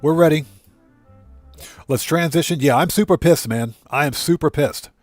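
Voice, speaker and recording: A man's voice: on the high side, moderate pace, dry recording, soft background music. A man hosting a livestream, ranting indignantly and greeting chatters by name. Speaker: livestream host.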